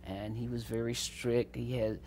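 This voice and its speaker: A woman's voice: very deep voice, level tone, a little slow, a little mellow, slight background noise. An older woman from the Southern United States recounting memories in an interview, laughing often and acting out the voices of people she quotes. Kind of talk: storytelling interview.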